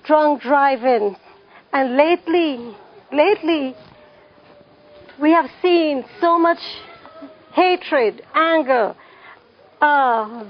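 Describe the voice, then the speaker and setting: A woman leads a parenting class, putting questions to the room and repeating key phrases for emphasis. Her voice is high-pitched, and the sound is lo-fi.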